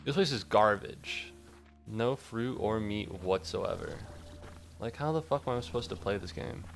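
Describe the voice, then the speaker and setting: Over soft background music, a man with a gravelly, fairly low voice and a slightly slow pace gives foul-mouthed, chatty commentary on his game. This streamer talks to the on-screen creatures and turns to his chat between rounds of play.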